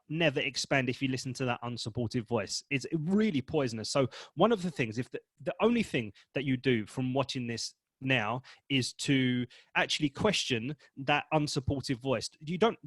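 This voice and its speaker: A man coaching professional advisors on public speaking, talking to the camera in an energetic, emphatic and blunt way. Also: fairly high pitch, breathy edge, no room sound. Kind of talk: direct-to-camera coaching talk.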